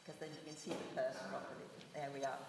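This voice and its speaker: An older woman giving a personal testimony talk in a synagogue, with measured, gentle, reflective storytelling. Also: rumbling low, little pitch movement, vocal fry, background noise. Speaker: guest speaker. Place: synagogue hall. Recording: echoey hall, voice from far off.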